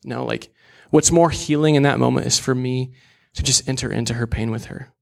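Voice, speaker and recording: Young guy giving a sermon, gravelly voice, earnest and candid, chatty asides. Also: mid-range voice, steady tone, fairly quick. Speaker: preacher.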